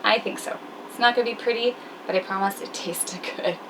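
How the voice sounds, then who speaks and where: Gravelly woman chatting while she cooks on a boat, poking fun at herself, noisy background. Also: on the high side, steady tone, a little fast, distant mic. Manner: chatty and self-deprecating, laughs often. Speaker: sailing vlogger. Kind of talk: casual cooking chat. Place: small sailboat cabin.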